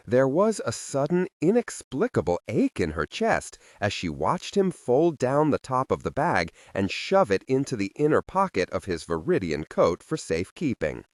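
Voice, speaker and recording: A man narrating a dark fantasy audiobook in an expressive, scripted reading on a close studio microphone. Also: medium pitch, moderate pace, hardly any pauses, no room sound. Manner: expressive, wide-ranging reading.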